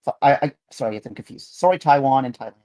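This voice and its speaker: A man's voice: medium pitch, quick pace, warm tone. Earnest rambling man on a podcast. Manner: rambling, earnest, frequent restarts. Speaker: podcast co-host. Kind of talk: casual chat.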